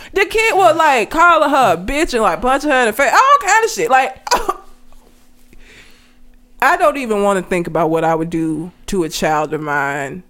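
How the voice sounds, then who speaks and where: A woman chatting casually, telling a story in an animated, profane way and laughing often. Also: fairly high pitch, normal speed. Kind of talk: casual chat.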